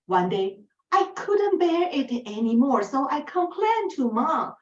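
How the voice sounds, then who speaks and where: Woman from Taiwan; slow, lively storyteller, lifted voice, heard far off and muffled in a roomy space. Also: sits high. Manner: animated, acts out dialogue. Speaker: club speaker. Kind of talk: prepared storytelling speech.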